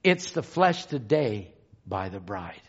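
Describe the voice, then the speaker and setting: A man preaching a sermon, repeating phrases and swinging from hushed tones to shouts. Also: fairly low pitch, very animated, takes it slowly, husky, dull audio.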